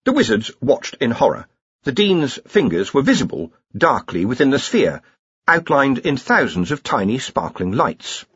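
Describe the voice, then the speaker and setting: Guy reading an audiobook, husky voice, swings way up and down, dry close sound. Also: medium pitch, moderate pace, dry recording, dull audio. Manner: expressive, wry storytelling. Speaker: audiobook narrator.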